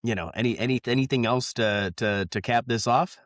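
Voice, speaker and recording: A man's voice: medium pitch, fairly quick, fairly bright tone, dry recording, clean studio sound. A man hosting a podcast in a laid-back, joking way in casual chat. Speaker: podcast host.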